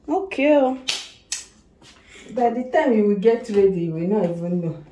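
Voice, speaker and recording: A Nigerian woman filming a casual family vlog at home, gently coaxing her child and laughing often. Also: mid-range voice, expressive, moderate pace, long pauses, rough recording. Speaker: family vlogger, mother.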